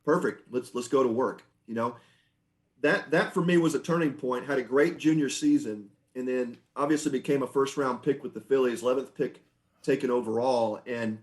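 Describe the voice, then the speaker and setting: A middle-aged man, a former baseball pitcher, telling stories on a podcast in a relaxed, chatty way. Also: moderate pace. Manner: relaxed, anecdotal, frequent restarts and laughs. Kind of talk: conversational storytelling.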